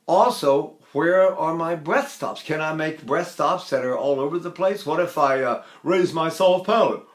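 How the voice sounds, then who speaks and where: A man's voice: a little high, a little slow. Older male tenor voice teacher. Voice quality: trained tenor voice. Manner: conversational, many fillers, breaks into full operatic singing. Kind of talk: lecture with sung demonstrations.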